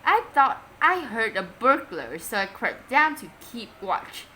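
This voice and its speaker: Rude scheming boy with a lively lilt; a woman reads him. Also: a little high, measured pace, slight background noise, exaggerated voice. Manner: brash, grumbling.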